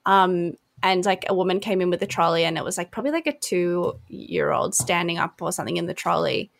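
A woman's voice: lowish voice, a little fast, vocal fry. A young woman, co-hosting a casual podcast chat and telling stories while acting out the people in them. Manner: animated storytelling, acts out quoted people. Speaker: podcast co-host.

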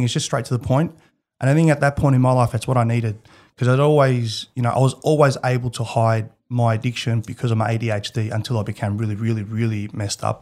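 A man with an Australian accent, a guest in an interview, telling personal stories in a candid, animated way and laughing as he goes. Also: mid-range voice. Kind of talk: casual storytelling.

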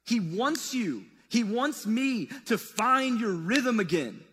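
Casting note: man with a high voice, relaxed conversational sermon style, recorded in a hall with long echo. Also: slow, a little hiss or hum. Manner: casual, conversational preaching with wide swings in pitch and loudness. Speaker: preacher. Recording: long reverb of a large hall.

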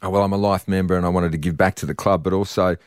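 A man's voice: low-pitched, very fast, clean tone, dry recording, clean studio sound. A middle-aged Australian man telling stories in casual chat as a podcast guest, acting out voices with laughs. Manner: animated storyteller, acts out voices with laughs. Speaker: podcast guest, sports presenter.

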